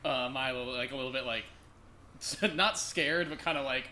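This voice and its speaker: A man playing a tabletop game over voice chat, joking and animated. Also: medium pitch, normal speed, a little hiss or hum. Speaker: player.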